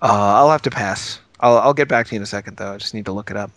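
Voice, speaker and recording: A man's voice: lowish voice, quick pace, a bit bright. A man co-hosting a podcast in easygoing, slightly self-conscious casual chat. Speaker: podcast co-host.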